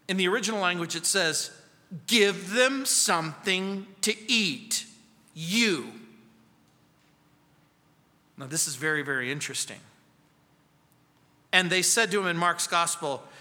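A male pastor preaching an expository sermon, acting out quoted voices and dropping to soft, quiet lines for emphasis. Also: high-pitched. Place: church sanctuary. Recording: long church reverb.

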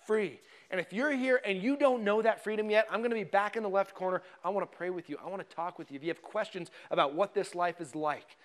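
A man preaching a sermon as pastor, animated and often laughing, reading scripture aloud to his congregation. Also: sits high, fast talker, hardly any pauses. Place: church.

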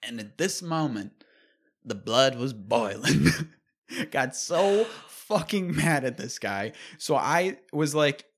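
A young man telling a comedic story and ranting, profane and animated, often laughing. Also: medium pitch, slow pace.

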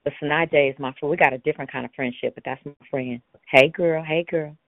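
A woman's voice: low-pitched, fairly even intonation, fast talker, no echo. A woman hosting a call-in prayer line in a casual, playful way, laughing often and now and then breaking into song. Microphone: phone. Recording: phone line, dry.

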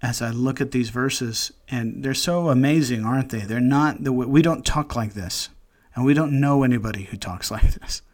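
Male devotional leader, middle-pitched, slow and earnest, reflective pauses. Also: a little mellow. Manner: pauses mid-phrase, restarts thoughts. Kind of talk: devotional meditation.

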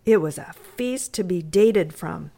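A woman's voice: fairly low pitch, expressive, a little slow, creaky, warm tone. Woman reading a story aloud. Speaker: reader.

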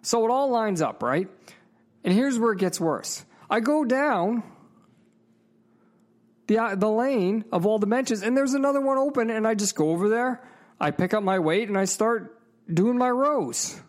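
A man's voice: high voice, lively intonation, a little slow. A man in a casual, profane storytelling rant, emphatic and heated, with frequent asides to the viewer. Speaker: vlogger.

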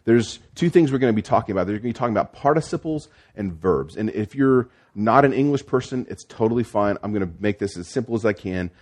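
A man's voice: lowish voice, expressive, fast talker, hardly any pauses, darkish tone. A man preaching a sermon as pastor, explaining the text step by step with frequent restarts and fillers.

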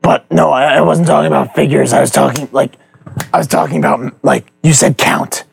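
A man's voice: fairly high pitch, fairly even intonation, brisk, creaky, slight background noise. A young man playing a tabletop game, hesitant and full of fillers as he asks questions. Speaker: player. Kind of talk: casual tabletop play.

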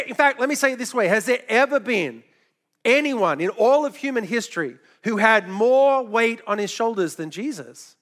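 A middle-aged man preaching with a high, bright voice and a gravelly edge. He tells stories in a loose, chatty way, breaking off for quick asides and little laughs. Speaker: pastor. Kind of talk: sermon.

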